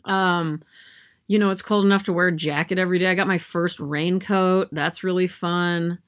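A woman's voice: lowish voice, fairly even intonation, normal speed. A woman chatting casually to camera from her yarn room at home, rambling and self-deprecating with lots of fillers. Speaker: vlogger.

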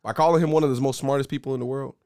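A young man hosting a podcast, loud and joking, talking over a song. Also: medium pitch, steady tone, very fast. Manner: loud, rowdy, joking, talks over music. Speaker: podcast host. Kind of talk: casual podcast banter. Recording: music playing loudly behind.

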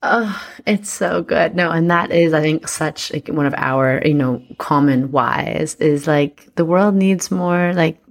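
A woman's voice: low-pitched, a little slow, few pauses. A woman chatting casually and playfully with many fillers as an astrologer reading her business partner's chart. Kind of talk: casual chat.

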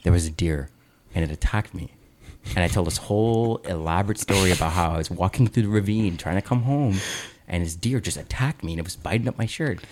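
A man in his thirties, a podcast co-host, telling a childhood story in casual chat, animated and swearing freely. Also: deep voice, fast talker, a little hiss or hum.

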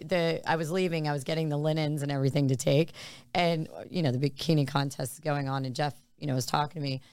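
A woman's voice: deep voice, fairly even intonation, fast, a little mellow, smooth, dry recording. A woman hosting a podcast in casual chat, laughing often and swearing freely. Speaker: podcast host.

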